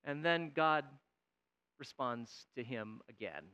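A man preaching a sermon, swinging between loud, pleading outbursts and quiet, weighty emphasis. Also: medium pitch, lively intonation, takes it slowly, smooth. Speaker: pastor.

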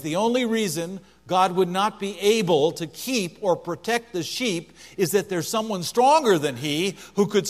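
Emphatic preacher man in a reverberant hall. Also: a little high. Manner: emphatic, repeats key phrases for stress. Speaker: pastor. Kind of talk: sermon. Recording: long hall reverb with mains hum.

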